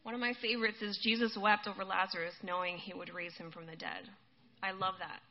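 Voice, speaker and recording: A woman's voice: medium pitch, steady tone, a little fast. A woman giving a casual sermon, talking conversationally to her listeners and calling them guys. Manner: conversational, addresses listeners as guys, laughs often. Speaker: preacher. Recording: dull lo-fi recording.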